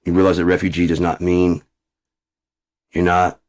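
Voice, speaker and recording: A man with a very low, deep voice ranting into the camera. He swears in nearly every sentence and drops into muttered asides between his complaints. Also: completely flat delivery, normal speed, darkish tone. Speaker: vlogger. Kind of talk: profane ranting monologue.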